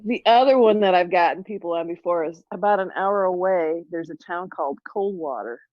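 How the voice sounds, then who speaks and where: A woman's voice: on the low side, brisk, no echo, dull audio. A woman chatting casually on a livestream video call, telling a funny story and laughing often. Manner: giggly storyteller, laughs through her stories.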